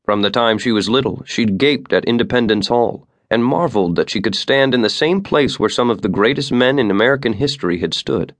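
A man reading an audiobook as narrator, in an even, measured storytelling manner. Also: mid-range voice, dry recording. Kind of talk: scripted narration.

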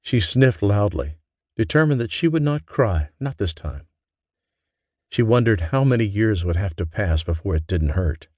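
A man reading a romance audiobook as narrator, in a gentle, measured way. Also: on the low side, lively intonation, no echo, studio quality. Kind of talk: scripted narration.

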